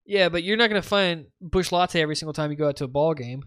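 A man's voice: a little high, fast, a bit bright, clean tone, dry recording, studio quality. A man on a podcast, chatting casually over a voice call, rambling with many restarts. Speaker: podcast guest. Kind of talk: casual chat. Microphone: remote voice call.

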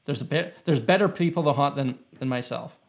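A man's voice: mid-range voice, a little fast. A young man in casual conversation, telling a long anecdote with lots of fillers and restarts. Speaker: podcast guest.

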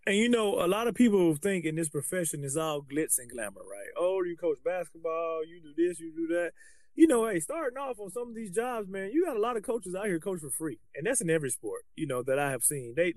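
Man, podcast co-host, high voice, dry close sound, animated casual talk. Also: brisk, no echo. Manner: animated, colloquial, restarts often. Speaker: podcast co-host, basketball coach.

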